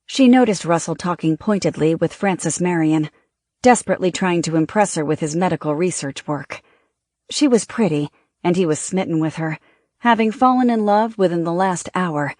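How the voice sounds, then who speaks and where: An audiobook narrator reading a novel in a steady, measured way. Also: mid-range voice, dry recording, studio quality.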